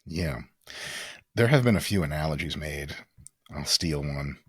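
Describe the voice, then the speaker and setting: A man, a podcast guest, telling joking stories in an animated, profane way. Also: very deep voice, unhurried, husky, no room sound, clean studio sound. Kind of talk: casual comic storytelling.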